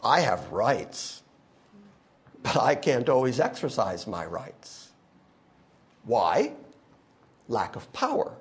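A male pastor preaching a sermon, emphatic, moving between quiet asides and loud declarations. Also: medium pitch, sing-song, slow pace, long pauses.

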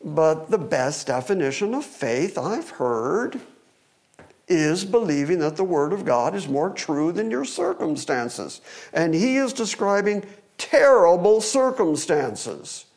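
Man, Bible teacher, slightly high voice, earnest, expository, rhetorical questions. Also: very animated, slow, a little mellow. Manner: wry aside about holding the microphone. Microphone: microphone.

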